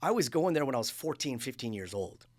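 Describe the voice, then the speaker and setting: Fast-talking man hosting a podcast. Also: medium pitch. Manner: lively storyteller, quick asides. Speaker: podcast host. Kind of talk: casual interview chat. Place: podcast studio.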